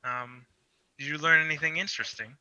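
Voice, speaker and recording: A man playing a tabletop role-playing game, speaking softly as his character. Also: a little high, fairly quick, no echo, poor audio. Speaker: player.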